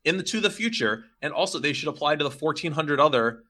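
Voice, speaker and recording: Bright-voiced man talking fast with fillers. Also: fairly high pitch. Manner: animated, filler-heavy with frequent likes and you knows. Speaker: podcast guest. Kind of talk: casual chat about law.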